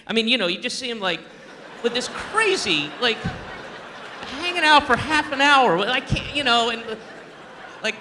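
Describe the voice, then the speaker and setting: A man doing stand-up comedy on stage, animated and incredulous, with rambling asides. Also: high-pitched, slight background noise. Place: comedy stage before a live audience.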